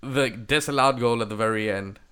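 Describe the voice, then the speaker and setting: A man's voice: medium pitch, a little fast, sharp tone, clean tone. Blunt, swearing man on a football podcast. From India. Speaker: podcast host. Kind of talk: casual chat.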